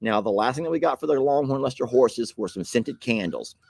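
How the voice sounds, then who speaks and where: A man's voice: mid-range voice, lively intonation, a little fast, vocal fry, darkish tone, slight background noise. A man, chuckling and grateful as he hosts a casual chat, reading viewer mail aloud. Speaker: channel host opening viewer mail.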